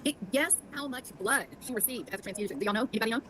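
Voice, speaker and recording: A woman's voice: a little high, expressive, rapid-fire, a bit bright, poor audio. A middle-aged woman giving sarcastic commentary on online drama, quizzing her audience as she goes.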